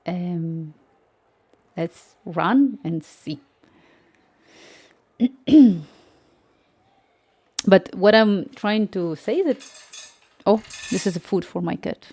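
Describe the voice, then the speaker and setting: Streaming her coding live from home, this woman talks in a lowish, mellow, slightly rough voice with a non-native English accent. The chat is casual, and she falters, searches for words and gives light laughs.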